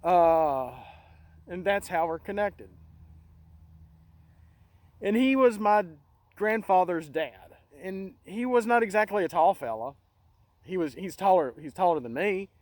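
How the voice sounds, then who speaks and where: A middle-aged man hosting a casual monologue, talking in an earnest, halting way with many restarts. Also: high voice, lively intonation, darkish tone, no echo, poor audio. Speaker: channel host.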